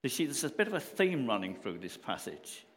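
A male preacher delivers a sermon with an animated voice that rises and falls freely. He speaks earnestly and conversationally, pressing his questions home. A long church reverb trails behind each phrase. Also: mid-range voice, brisk.

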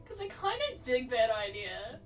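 A woman co-host making giggly, quick asides in casual chat. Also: fairly high pitch, big pitch swings, far from the mic, faint music behind.

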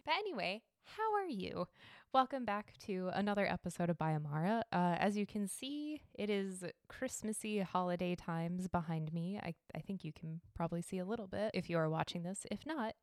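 A woman's voice: mid-range voice, no room sound, clean studio sound. A young woman hosting an art and history podcast from her home, chatting casually, laughing at herself and swearing freely. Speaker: podcast host. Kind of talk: casual chat. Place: home decorated for holidays.

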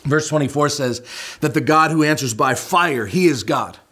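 A male pastor preaching a sermon, telling the story with lively humor and pointed asides. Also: fairly high pitch, moderate pace, husky.

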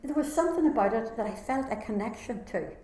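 A woman's voice: fairly high pitch, expressive, fast, mellow. A woman with a Northern Irish accent giving an earnest, heartfelt personal testimony as a conference speaker. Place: conference hall. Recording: echoey hall sound.

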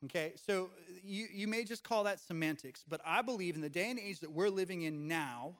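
Pastor, male, higher-pitched voice, casual sermon with jokes to the room. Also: fairly quick, fairly bright tone. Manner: conversational, jokes with the congregation. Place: church in front of a congregation.

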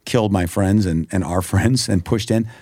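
With a low, mellow voice carrying a breathy edge, a middle-aged man from the United States speaks at normal speed as a podcast guest. He earnestly and emphatically relates personal testimony, dramatizing quoted prayers and exchanges; the studio-quality audio has no room sound.

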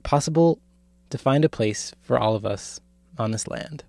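A man hosting a podcast, speaking in measured, reflective scripted narration. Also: on the low side, gravelly, darkish tone, no echo. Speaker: podcast host.

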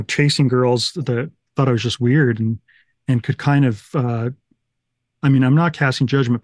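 A middle-aged man from Utah tells his life story as a podcast guest. He rambles along casually and pokes fun at himself. The voice sits at an ordinary pitch in a dry, close room. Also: a little mellow, dry recording. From Utah, USA. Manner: rambling, self-deprecating, fond of 1980s references.

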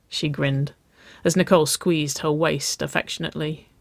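A woman with a low voice reading a story aloud in a slow, steady way. The recording is dry and close, with no room sound. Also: vocal fry, no echo. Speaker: narrator.

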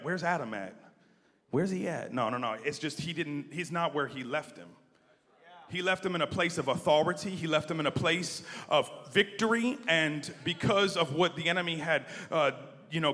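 Preaching in a space with a long hall reverb, a man with a voice on the high side moves between quiet asides and near-shouted emphasis. He has the congregation repeat lines back to him in call-and-response.

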